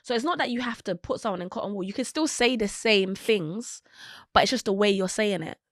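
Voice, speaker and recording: Young woman telling a story on a podcast, dry close mic, middle-pitched. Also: fairly quick, no room sound. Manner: animated storytelling, acting out quotes. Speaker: podcast guest. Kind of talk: casual podcast conversation.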